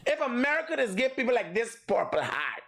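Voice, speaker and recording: High lively Guyanese man mocking. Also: fairly quick, creaky. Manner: mocking, laughing, profane. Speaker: show host. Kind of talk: casual live commentary.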